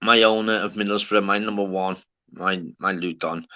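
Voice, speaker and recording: A man's voice: on the low side, steady tone, moderate pace, bright, forceful tone. A man hosting a casual livestream chat, brash and sweary, calling everyone "lad". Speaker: livestream host.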